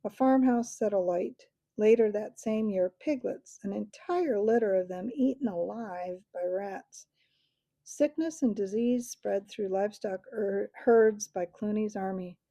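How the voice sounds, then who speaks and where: A doddering, fussy old mouse voiced by a woman who squeaks barely above a whisper. The voice is dark and gravelly, with a husky edge. It sounds close and dry. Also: unhurried, dry recording. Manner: squeaky, near-whispering, absent-minded. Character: ancient fussy male mouse recordkeeper.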